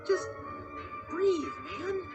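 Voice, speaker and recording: A performer voicing a fussy, peace-loving sidekick creature with a squeaky, soothing manner. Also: fairly even intonation, drawn-out words, highs cut off, loud music behind the voice, full character voice.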